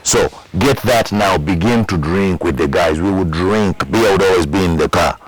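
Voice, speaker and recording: Telling his life story openly in an interview, a Ugandan-accented musician speaks in a very low voice at a moderate pace. He leans on repetition for emphasis and mimics the voices of the people he quotes, all captured in a rough recording.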